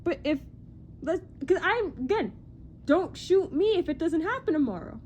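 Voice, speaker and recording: A young woman chatting casually in a vlog about movie news, excitable and rambling, often self-deprecating and full of "like". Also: extremely high pitch, normal speed, a little hiss or hum.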